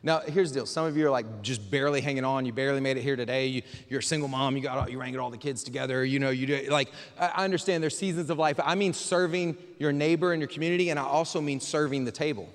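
A man's voice: mid-range voice, fast, hardly any pauses. A male pastor giving a sermon in a casual, conversational preaching style, often asking the congregation rhetorical questions. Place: church sanctuary. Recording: hall reverb from a live church service.

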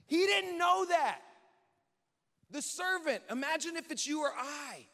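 A man preaching a sermon in a lively, conversational way, acting out quotes and joking with the church. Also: very high-pitched, unhurried, vocal fry. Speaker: pastor. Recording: reverberant hall.

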